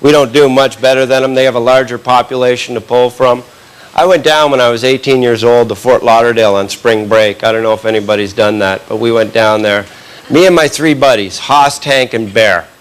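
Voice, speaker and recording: A man doing stand-up comedy, telling a long story in a punchy, animated way and often tagging lines with a quick question. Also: mid-range voice, clean tone. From Canada. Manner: animated, punchy delivery with frequent tag questions. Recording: live recording with audible background noise.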